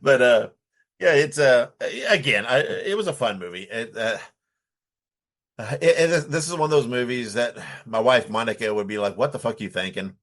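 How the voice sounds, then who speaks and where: A man co-hosting a podcast, talking casually in halting stretches full of fillers. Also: medium pitch, lively intonation, a bit bright. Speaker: podcast co-host.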